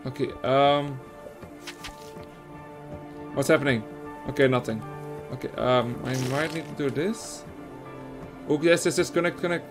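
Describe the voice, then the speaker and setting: A young Belgian man with Dutch as his first language, giving excitable, swear-heavy let's-play commentary with lots of laughing. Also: fairly high pitch, unhurried, pauses often, faint music behind. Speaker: gaming streamer.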